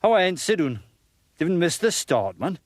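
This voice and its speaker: Crude young Geordie lad, cocky, lively pitch, cartoon. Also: male voice, moderate pace, background noise.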